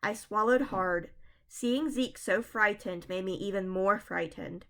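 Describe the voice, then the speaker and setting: A woman reads a spooky children's book aloud, chapter by chapter. Her delivery is dramatic and suspenseful, and her voice sits at a middle pitch. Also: a little slow, fairly bright tone. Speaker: reader.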